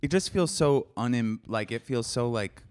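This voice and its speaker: A man's voice: mid-range voice, expressive, normal speed, darkish tone. A man in casual chat, laid-back and meandering, as a comedian co-host. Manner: laid-back, lots of "like" and restarts.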